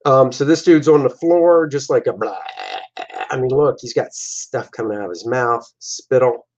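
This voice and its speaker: A man's voice: medium pitch, normal speed, darkish tone. A man, a comic artist and host, casually talking through his own artwork in a loose, jokey, rambling way. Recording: dull lo-fi recording.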